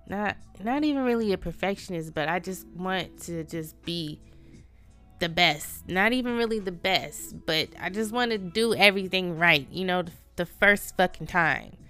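A woman's voice: lowish voice, expressive, normal speed, bright, forceful tone, faint music behind. A woman hosting her own podcast, venting in a casual, profane, self-deprecating way. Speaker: podcast host. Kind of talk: casual solo podcast monologue.

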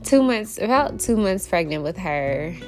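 Low-voiced woman telling a heartfelt story. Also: measured pace. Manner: heartfelt, animated when quoting herself, laughs often. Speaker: podcast host. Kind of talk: personal storytelling. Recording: faint guitar music behind.

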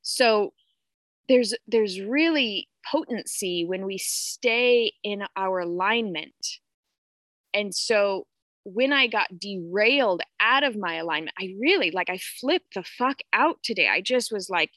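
A woman's voice: mid-range voice, expressive, slow, fairly bright tone, no echo. A woman in her thirties talking candidly about parenting and spirituality, swearing freely and greeting viewers as she goes. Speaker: podcast host. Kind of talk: casual spiritual live talk.

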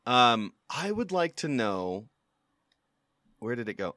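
A man co-hosting a casual comedy podcast, animated and quick to swear when he is frustrated. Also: medium pitch, no room sound, studio quality.

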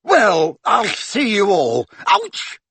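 A whiny, spluttering small-time wizard thief, as a male reader puts him on. The voice sits well above the reader's own, wheedling and squeaky. The recording is dry and close. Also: huge pitch swings, extremely slow, creaky, bright, forceful tone, husky, no room sound, heavily acted. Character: shifty petty thief, middle-aged male wizard.

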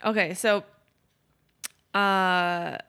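A woman's voice: lowish voice, steady tone, very slow, sharp tone, clean tone. A young woman casually retelling a stretch of history for a podcast, rambling, swearing and correcting herself as she goes. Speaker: podcast host telling history. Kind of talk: casual storytelling chat.

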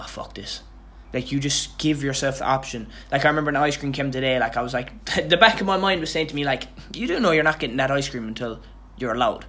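A man's voice: medium pitch, a bit bright, slight background noise. A tired young man hosting his own podcast, talking in a loose, rambling way with lots of restarts and casual swearing. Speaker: podcast host. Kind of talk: casual motivational monologue.

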